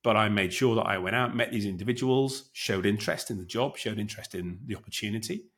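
A man with a low voice, talking through his experiences in an easygoing podcast chat. He tells stories with lively acted-out quotes and a steady, conversational flow. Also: fast talker. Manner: animated anecdotes with acted quotes. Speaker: guest co-host, former military officer.

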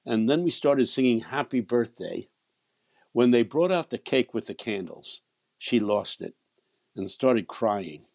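A man's voice: mid-range voice, lively intonation, measured pace, vocal fry, a little mellow, dry recording. A man in his eighties, a preacher telling a personal story, often repeating his words and chuckling as he goes. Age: 80s. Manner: stammering repeats, chuckling as he tells. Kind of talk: storytelling anecdote.

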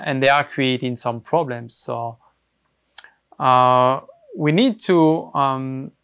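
A man speaking as a podcast guest, answering reflectively with many pauses and hesitations. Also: mid-range voice, fairly bright tone, smooth.

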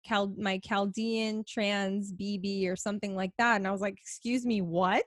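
Hyped-up woman podcast host, swears a lot, mid pitch, super dry close sound. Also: dry recording. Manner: effusive, profane, rapid bursts of excitement. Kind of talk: casual interview chat.

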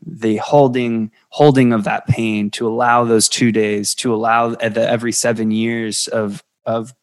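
A man hosting a conversation, reflecting thoughtfully and haltingly, often repeating words as he searches for them. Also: medium pitch, little pitch movement, no echo.

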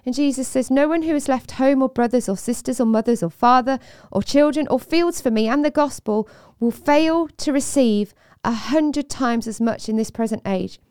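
A woman co-hosting a casual faith discussion, earnest and quick to laugh. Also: high voice, a little mellow, clean tone, no room sound, studio quality. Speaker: podcast co-host.

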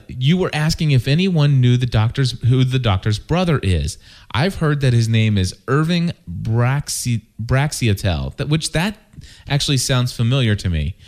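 A man's voice: lowish voice, a little mellow. A man co-hosting a fan podcast, reading listener emails aloud with frequent restarts. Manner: halting, with restarts. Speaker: podcast co-host.

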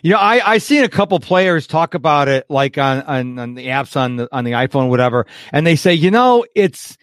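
Emphatic podcast host, dry close sound. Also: male voice, a little high, animated, normal speed, no echo. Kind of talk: casual interview.

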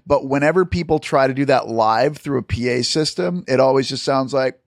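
Gravelly man hosting a podcast. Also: medium pitch, moderate pace, few pauses, no echo. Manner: chatty, trails off and restarts, swears casually. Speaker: podcast host. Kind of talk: casual chat.

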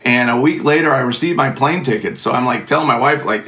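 A man's voice: medium pitch, brisk, pushed and bright. A middle-aged man telling a funny personal story in a casual, sarcastic, self-mocking way.

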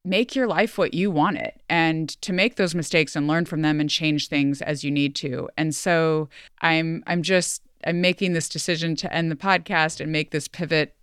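A woman's voice: low-pitched, fairly even intonation, normal speed, clean tone, no room sound. A woman hosting a solo podcast, speaking earnestly and emotionally, close to tears, in a chatty way full of fillers. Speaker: podcast host. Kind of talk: heartfelt solo podcast farewell.

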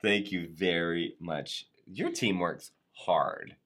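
Guy hosting a live stream, lowish voice, bubbly, reads the chat out loud, stumbles on words sometimes. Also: takes it slowly, noisy background. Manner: upbeat and playful, trips over words. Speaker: host of a live show. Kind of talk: live-stream chat reading viewer comments. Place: Atlanta area.

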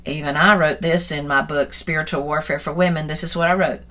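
A middle-aged woman speaks earnestly into a phone, sharing a personal devotional as a Christian author. Her voice is bright and clear, and she moves between quiet reflection and lively, animated retelling. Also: low voice, fairly quick. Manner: earnest and reflective, grows animated and laughing when retelling a story.

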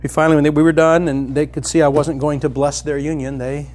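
A middle-aged man preaching a sermon as a pastor, telling a personal story and climbing to loud, excited emphasis. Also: a little high, fast.

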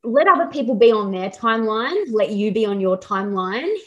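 A woman's voice: medium pitch, animated, a little fast, fairly bright tone, lo-fi sound. A young woman hosting a podcast, a fitness coach talking candidly and reassuringly, with plenty of swearing. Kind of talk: casual podcast chat.

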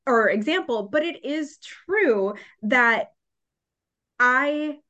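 A woman's voice: high voice, lively intonation, very slow, bright, forceful tone, highs cut off. A woman hosting a podcast, chatty and telling stories with a self-mocking touch. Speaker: podcast host. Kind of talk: casual podcast conversation.

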